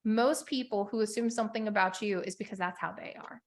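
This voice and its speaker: Leading a live group session, a female business coach keeps things upbeat and chatty, peppering her speech with "like" and laughing often. She speaks fairly quickly at medium pitch.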